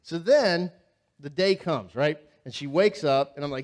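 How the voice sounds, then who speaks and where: A man preaching a sermon as pastor, talking in a conversational, animated way, telling funny stories and asking the congregation questions. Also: a little high, a little slow. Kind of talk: sermon with humorous storytelling. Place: church sanctuary.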